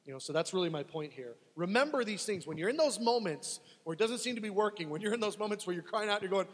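A man preaches in a high, slightly breathy voice. He delivers a dramatic sermon and acts out desperate cries to God. The sound carries a long, lingering reverb. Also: lively intonation, fast talker, hardly any pauses.

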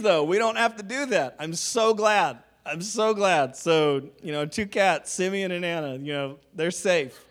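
A man delivers a sermon in an easygoing, talky way, his voice sitting slightly higher than most men's. He teaches through scripture with plenty of casual fillers and drops in light, joking asides along the way. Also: a little slow, a bit bright. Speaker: preacher.

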